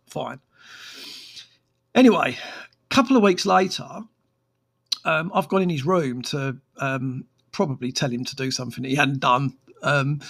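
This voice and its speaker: A man's voice: a little high, a bit bright. A man, a therapist talking frankly on his own podcast with many fillers and restarts. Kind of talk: casual solo podcast monologue.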